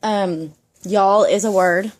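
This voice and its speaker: A woman's voice: mid-range voice, fairly even intonation, slow, a little mellow. A young woman from Georgia with a Southern Georgia accent, chatting casually and emphatically in an ASMR vlog. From Georgia, USA. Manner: chatty, emphatic, frequent "definitely" and "like". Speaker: ASMR vlogger.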